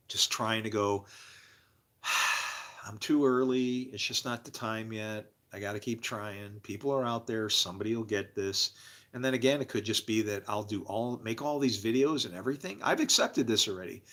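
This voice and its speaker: Bright-voiced man rambling on a livestream. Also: lowish voice. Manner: rambling, profane and confessional; talks to chat viewers by name. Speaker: livestream host. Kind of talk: casual livestream monologue.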